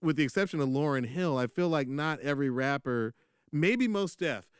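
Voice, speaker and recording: Man, smooth clear voice, slightly high pitch, dry close mic, animated casual music talk. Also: normal speed, no echo. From Atlanta, USA. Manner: animated, lots of fillers and restarts. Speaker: podcast co-host.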